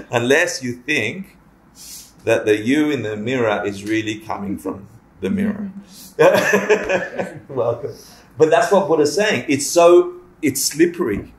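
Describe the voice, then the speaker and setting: Guy giving a chatty buddhist class, jokey and animated, roomy echo. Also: mid-range voice. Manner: animated, joking, swears, acts out little scenes. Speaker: Buddhist teacher. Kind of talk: lively casual dharma class. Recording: echoey room.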